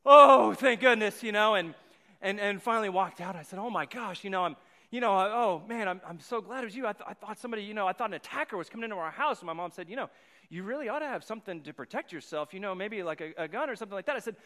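A man's voice: high voice, rapid-fire, fairly bright tone. A man in his thirties, a pastor giving a sermon with a rambling personal story, often repeating his words. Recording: long hall reverb.

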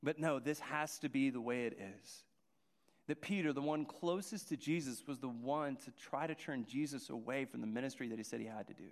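A man's voice: mid-range voice, brisk. A man preaching a sermon, earnest and restarting his phrases as he goes. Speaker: pastor. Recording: long hall reverb.

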